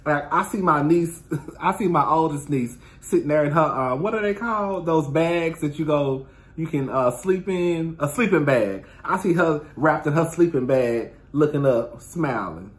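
A man in his thirties telling casual stories straight to his viewers in a sassy, expressive way, calling them "girl" and "honey" and swearing freely. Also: on the high side, moderate pace. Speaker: host of his own talk stream.

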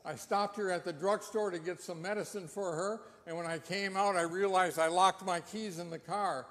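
A man's voice: high-pitched, steady tone, moderate pace, fairly bright tone. Desperate young mom pleading for help, pastor doing her, voice pushed up a bit, long church echo. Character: desperate young mother with a sick child. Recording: long reverb of a church hall.

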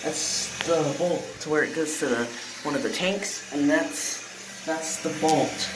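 Slow, giggly vlogger in an echoey bathroom. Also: medium pitch, background noise. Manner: giggly, rambling, easily amused. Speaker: toilet video channel host. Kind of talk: casual show-and-tell vlog. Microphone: phone. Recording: echoey room with running water.

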